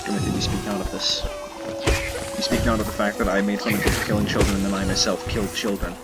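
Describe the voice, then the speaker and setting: A gamer with a fairly low, steady voice talks fast in playful let's play commentary, joking with and scolding his in-game companion. Loud video game music plays behind him.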